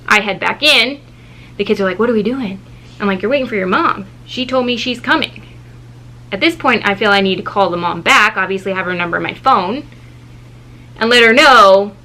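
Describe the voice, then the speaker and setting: A woman in her thirties, a mother and vlogger, telling a story in a casual, animated way and acting out the people in it. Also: creaky, rough recording. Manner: animated, acts out quoted people with shifting pitch.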